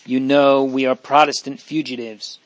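A man's voice: medium pitch, level tone, normal speed, no echo, highs cut off, lightly acted. A man voicing a grieving young French girl fugitive, earnest and tearful, in a dry recording. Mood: sorrowful.

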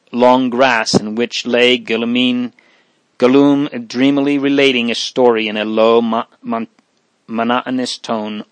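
A man reads a story aloud in a steady, even way. There are small slips and restarts now and then. The recording is dry and close. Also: mid-range voice, no room sound. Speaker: narrator. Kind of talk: audiobook narration.

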